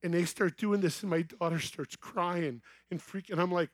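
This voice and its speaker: A middle-aged man preaches in a high, bright-pitched voice, telling a personal story that rises to excited shouting. The sound is dry and close, with no room around it. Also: normal speed, few pauses, no echo. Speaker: festival speaker. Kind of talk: evangelistic youth sermon. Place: large outdoor festival main stage.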